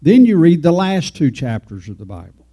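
A man's voice: fairly high pitch, sing-song, normal speed, warm tone. A man preaching an informal, folksy sermon, rambling and talking straight to his congregation.

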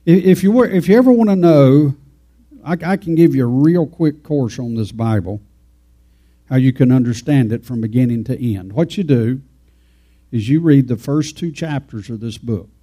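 A man preaches in a loose, homespun way, wandering through his points and chatting with the people in the pews. His voice sits at an ordinary pitch with a dark, mellow tone. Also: animated, normal speed. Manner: folksy, rambling, talks to the congregation. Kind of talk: informal folksy sermon.

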